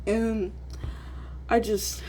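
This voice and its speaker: A woman's voice: on the high side, level tone, extremely slow, mellow, slight background noise. A woman in her twenties giving an emotional, profanity-laced vlog rant, dropping "bro" after almost every line. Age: 20s. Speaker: day trader vlogger. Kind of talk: casual ranting vlog.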